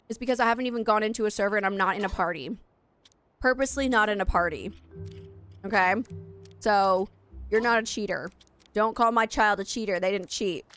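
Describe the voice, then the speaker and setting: A woman's voice: a little high, fairly bright tone, slight background noise. A young adult woman streaming a game, chatting casually and rambling straight to her viewers. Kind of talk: casual live-stream chat.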